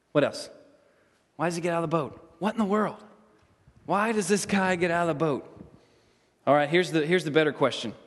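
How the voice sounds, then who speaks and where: Guy teaching a bible study, kinda high voice, jokey, asks the room questions, echoey church hall. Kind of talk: interactive Bible lesson.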